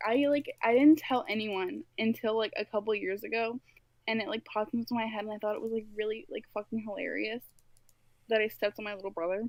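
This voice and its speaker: A woman's voice: fairly high pitch, fairly even intonation, fairly quick, dry recording, lo-fi sound. A young woman on a casual podcast, telling a story in a chatty way full of "like". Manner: chatty, lots of "like" fillers. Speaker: podcast guest.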